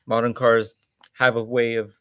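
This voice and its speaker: A man's voice: medium pitch, flat delivery, moderate pace, no room sound, phone-quality sound. A man co-hosting a casual livestream, talking thoughtfully and hesitantly with lots of fillers. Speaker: co-host.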